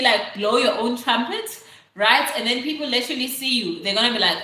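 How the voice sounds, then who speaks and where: A young South African woman hosts a casual livestream, chatting loosely, reading viewer comments aloud, and filling her talk with "like" and "literally." Her voice is on the high side, animated and sharp, and a little fast. The room is very echoey.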